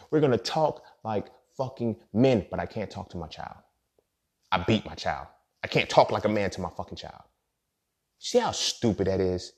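A man with a low, gravelly voice holds forth on his own podcast. He talks bluntly and profanely, circling back and stumbling over repeated words as he rambles. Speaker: podcast host. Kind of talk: casual monologue.

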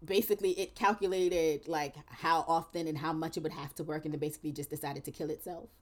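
A woman's voice: low voice, fast talker. A woman co-hosting a podcast in casual chat, telling stories with lots of animation and laughter. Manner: animated storyteller, laughing often. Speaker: podcast co-host.

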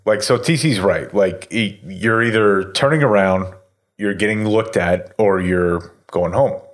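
A man's voice: fairly low pitch, unhurried. A man in his thirties telling a story in casual chat, rambling with lots of fillers and swearing. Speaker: podcast host telling a story.

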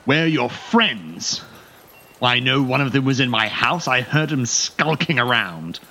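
A man voicing a furious, red-faced male guard captain who shouts and splutters with anger, in a tabletop game. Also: fairly high pitch, huge pitch swings, takes it slowly, slight background noise, pitched above the performer's own voice, exaggerated voice. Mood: threatening.

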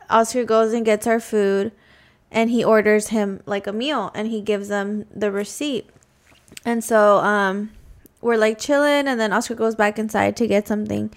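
A woman co-hosting a podcast, telling a story in casual chat, full of ums and likes. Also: medium pitch. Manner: many fillers, um and like. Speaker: podcast co-host.

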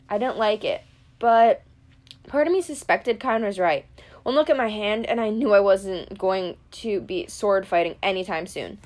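Woman, audiobook narration, steady storytelling, middle pitch. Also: normal speed. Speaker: audiobook reader. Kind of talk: first-person audiobook narration.

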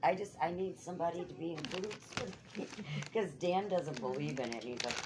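A woman's voice: fairly low pitch, brisk. A woman co-hosting a podcast in casual group chat, chatty and joking. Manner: chatty, jokes and does little voices. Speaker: podcast co-host. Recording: noisy room recording.

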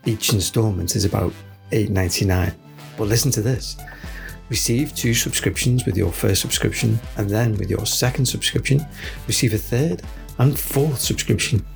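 A man voicing an over-the-top male advert announcer, booming and salesy. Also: normal speed, creaky, soft background music. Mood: hammy salesy.

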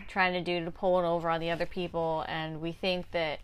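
A woman's voice: fairly low pitch, little pitch movement, fairly quick, smooth. A woman co-hosting a podcast, casually recapping a TV show and chiming in with short agreeing replies. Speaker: podcast co-host.

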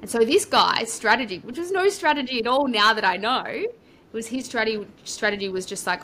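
A woman's voice: a little high, expressive, brisk, bright, forceful tone, a little hiss or hum. An Australian woman, a podcast guest, telling her story in a chatty, rambling way and acting out her own past thoughts. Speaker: podcast guest, property coach. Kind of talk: casual storytelling interview.

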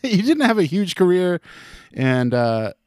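Lively joking man on a podcast. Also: high-pitched, measured pace, smooth, no echo, studio quality. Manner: joking, laughs often, swearing. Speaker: podcast co-host. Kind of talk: casual chat.

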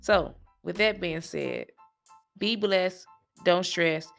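Slow, gravelly-voiced woman co-host. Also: fairly low pitch, soft background music. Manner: slow, drowsy, laid-back. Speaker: podcast co-host. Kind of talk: casual podcast chat.

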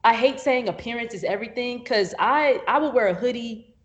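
A woman's voice: fairly high pitch, fairly quick, lo-fi sound. A woman guest on a podcast, telling a work story in a casual chat, acting out quotes with laughs and fillers. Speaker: videographer guest.

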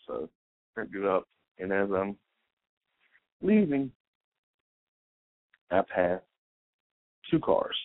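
A man's voice: fairly low pitch, no echo. A man hosting a podcast, telling a long personal story in a rambling, anecdotal way and quoting both sides of the conversation. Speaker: podcast host. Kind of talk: storytelling monologue. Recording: tinny phone-like dry recording.

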